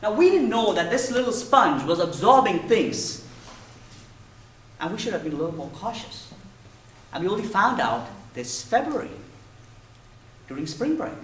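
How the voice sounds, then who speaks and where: 30s guy giving a speech contest talk, playful storyteller, high lively voice, big echoey hall. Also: normal speed, pauses often, slight background noise. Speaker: contest speaker. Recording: echoey hall, mic far off.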